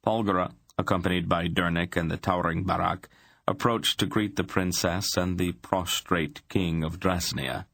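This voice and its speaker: A man reading a fantasy audiobook in a steady, measured narration. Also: deep voice, vocal fry, no room sound.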